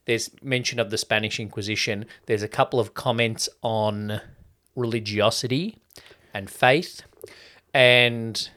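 A man's voice: lowish voice, steady tone, a little slow, pushed and bright. A man, co-hosting a casual podcast and retelling a movie plot in a loose, rambling way with casual swearing. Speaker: podcast co-host. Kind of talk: casual film-review chat.

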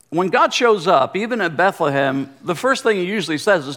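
A man, a former pastor, giving a sermon with animated delivery and repeated phrases. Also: high voice, a little fast, few pauses. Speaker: guest pastor, former pastor of the church.

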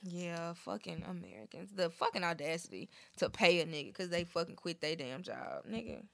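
A woman co-hosting a podcast in casual chat, with profane, animated storytelling. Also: on the low side, normal speed, gravelly, no room sound. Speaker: podcast co-host.

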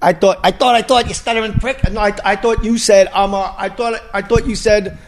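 A man's voice: high-pitched, fairly even intonation, brisk, slight background noise, pitched above the performer's own voice. A man doing a stammering scared young gangster. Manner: stuttering, repeating himself.

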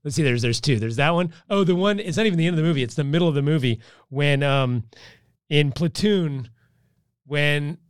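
A man co-hosting a casual podcast, rambling through his stories with lots of fillers, restarts and swearing. His voice is smooth and resonant and sits a little high. The recording is dry and close. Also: a little fast, dry recording. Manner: rambling storyteller, profane, with many fillers and restarts. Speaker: podcast co-host. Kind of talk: casual chat.

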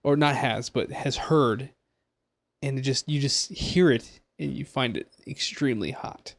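A man's voice: mid-range voice, measured pace, vocal fry. Blunt, joking male co-host. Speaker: podcast co-host. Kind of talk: casual chat.

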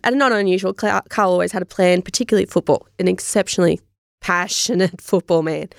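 An Australian woman with a heavily gravelly, creaky voice tells her story as an interview guest. She speaks candidly and with animation, and often acts out remembered conversations. The recording is close and dry. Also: lowish voice, quick pace, no echo.

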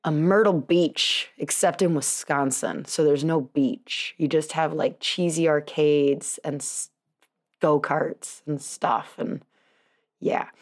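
Chatty woman podcast host, lowish voice. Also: fairly even intonation, slow. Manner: chatty, self-deprecating, laughs often. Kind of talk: casual storytelling monologue.

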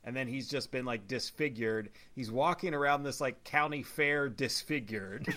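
Bright-voiced man in casual chat. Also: medium pitch, normal speed, slight background noise. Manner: animated retelling, many "like" fillers, frequent laughter.

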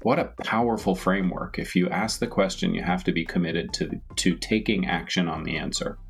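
A man's voice: low-pitched, brisk, vocal fry, breathy edge, soft background music. A man hosting a podcast interview, candid and enthusiastic in casual chat. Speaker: podcast host.

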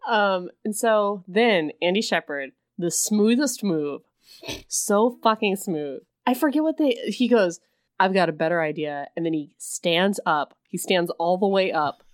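A woman's voice: medium pitch, lively intonation, measured pace, no echo, studio quality. A woman co-hosting a casual chat, gushing over a film scene, laughing often and swearing casually. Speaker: podcast co-host. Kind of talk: casual movie recap chat.

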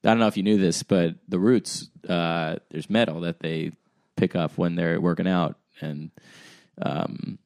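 A man's voice: sits low, fairly even intonation, a little slow, gravelly, darkish tone, dry recording. A man hosting a podcast, chatting casually about food and cracking dry, meandering jokes. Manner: tall. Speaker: podcast host. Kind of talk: casual chat.

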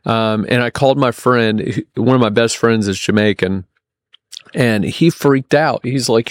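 A man telling a long personal story in casual podcast talk, full of restarts and fillers, getting animated when he quotes people. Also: medium pitch, moderate pace, dry recording, clean studio sound. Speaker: podcast guest.

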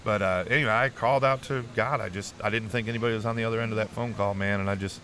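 A middle-aged man with a lowish, slightly bright voice shares his own story as an interview guest, speaking very fast in a steady tone. He's earnest and emotional, often restarting sentences and repeatedly saying "man," with faint background noise underneath.

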